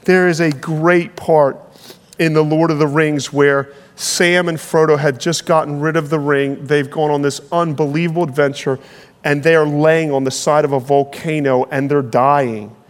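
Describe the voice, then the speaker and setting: A man preaching a sermon, earnest and emphatic, slowing down on key phrases, heard in a large hall. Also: on the high side, fairly even intonation. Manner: earnest, building to emphatic peaks, slowing for weight. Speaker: pastor.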